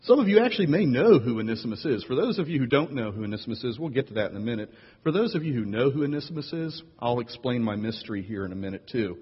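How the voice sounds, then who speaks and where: A man preaching a sermon as pastor, playful and animated, jumping up in pitch to tease and draw in his listeners. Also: quick pace, slightly rough. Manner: playful, animated storyteller with big jumps in pitch. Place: church sanctuary. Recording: lo-fi echoey hall recording.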